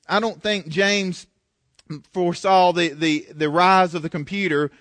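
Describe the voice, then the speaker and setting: A man preaching a sermon in a church, often stumbling and repeating words as he talks, with animated asides. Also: high voice, no room sound. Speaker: pastor.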